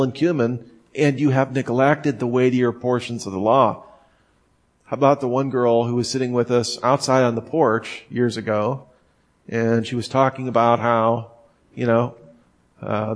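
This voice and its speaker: A man preaches in a relaxed, conversational way, his voice at an ordinary middle pitch. He stretches out and stresses certain words for emphasis and often restarts his sentences. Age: adult, former smoker. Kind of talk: informal sermon.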